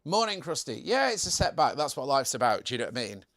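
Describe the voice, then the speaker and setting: A man's voice: medium pitch, sing-song, fast, fairly bright tone. A young man hosting a casual live stream, chatting in a jokey way and reading out viewer comments.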